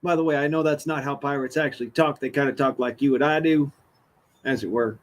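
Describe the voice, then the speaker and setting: A man's voice: mid-range voice, fairly even intonation, fairly quick, slight background noise. A man chatting casually online, making wry offhand asides.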